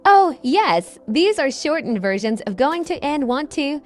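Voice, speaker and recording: A woman's voice: sits high, very animated, measured pace. A woman co-hosting a scripted English lesson podcast, upbeat and explaining phrases with examples. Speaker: co-host and English teacher.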